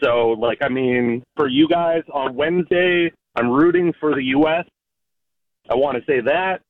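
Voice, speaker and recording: A man from Canada calling in to a sports radio show, talking in an excited, rambling way and getting emotional. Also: medium pitch, a little slow. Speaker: caller. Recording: tinny phone line.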